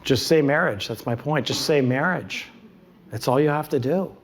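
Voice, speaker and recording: A man's voice: mid-range voice, moderate pace, a little hiss or hum. A man presenting a curriculum to an audience. He talks emphatically, repeats his key points and asks rhetorical questions. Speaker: conference speaker presenting a curriculum.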